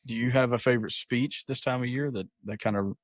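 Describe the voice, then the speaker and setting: A man co-hosting a podcast in relaxed casual chat, enthusiastic with lots of hesitant fillers. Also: medium pitch, fast, no echo, studio quality. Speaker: podcast co-host. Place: podcast studio filmed on camera.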